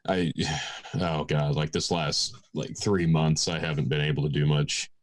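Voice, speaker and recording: A man's voice: very deep voice, level tone, unhurried. A man co-hosting a casual podcast, trading wry, profane banter and sighing as he talks. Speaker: podcast co-host. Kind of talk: casual chat.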